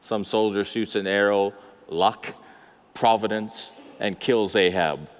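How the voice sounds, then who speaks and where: A man's voice: lowish voice, takes it slowly. An older man preaching a sermon as a pastor, talking in a conversational way with asides and rhetorical questions. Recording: long hall reverb.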